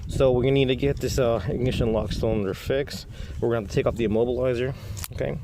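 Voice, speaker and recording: A man, a locksmith, talking casually through a repair step by step in a relaxed, folksy way. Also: medium pitch, fast talker, noisy background.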